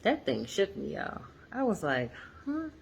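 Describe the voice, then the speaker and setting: Woman, 40s, low-pitched, casual reflective vlog from a hotel room, earnest and chatty. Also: big pitch swings, a little slow, creaky, slight background noise. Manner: chatty, earnest, loose storytelling with fillers. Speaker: vlogger.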